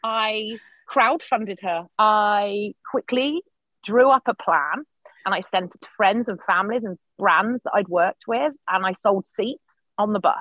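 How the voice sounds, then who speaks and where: A middle-aged woman, a podcast guest, telling a personal story in lively, candid conversation, swearing freely and acting out her own quotes. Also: mid-range voice, measured pace, no room sound. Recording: dull lo-fi sound.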